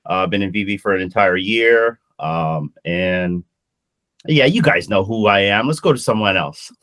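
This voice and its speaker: A man chatting casually on an online panel, relaxed and halting with many fillers. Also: sits low. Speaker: podcast panelist. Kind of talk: casual chat.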